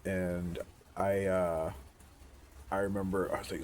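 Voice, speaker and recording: A man's voice: low voice, little pitch movement, darkish tone. A man in his forties, talking outdoors in a rambling, reflective, casual way and swearing now and then. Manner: musing, unhurried, casual with swearing. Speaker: vlogger. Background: faint wind noise.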